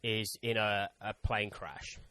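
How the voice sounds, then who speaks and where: A man's voice: fairly low pitch, flat delivery, slow, pushed and bright, no echo. A man co-hosting a casual podcast chat, teasing his friends and swearing freely. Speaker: podcast co-host.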